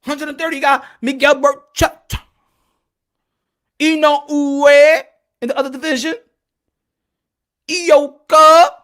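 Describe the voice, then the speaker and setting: A man's voice: very high voice, little pitch movement, slow pace, long pauses, a bit bright. Heated, profane man ranting on a boxing podcast. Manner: heated, profane, hammering repeated rhetorical questions. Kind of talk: solo opinion rant.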